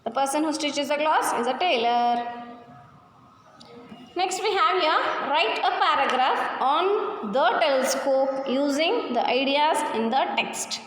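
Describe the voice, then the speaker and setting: A woman teacher explains a lesson, her voice sitting high. She speaks unhurriedly and repeats each word slowly to drill its stress. The sound is roomy, with a long echo and a faint hum behind it. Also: expressive, fairly bright tone. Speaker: English teacher. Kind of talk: classroom lesson explaining pronunciation and vocabulary. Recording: echoey room with long reverb, faint hum.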